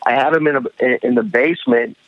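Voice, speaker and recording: A man's voice: medium pitch, dry recording. Stammering man on a dull headset call. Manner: halting, stammering, lots of restarts. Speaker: guest artist. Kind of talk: casual chat. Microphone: headset over a call.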